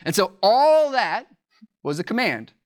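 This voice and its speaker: Preacher, sermon, slow deliberate emphasis, rhetorical questions, mid-pitched voice. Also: very animated. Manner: deliberate, slows for emphasis on key words. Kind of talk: sermon teaching from scripture.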